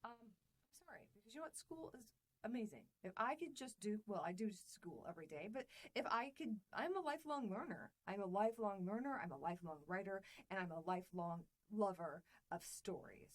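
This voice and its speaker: A woman's voice: mid-range voice, lively intonation, brisk, poor audio. Bubbly, upbeat woman podcast host. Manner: bubbly, enthusiastic, playful asides. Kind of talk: casual solo podcast talk.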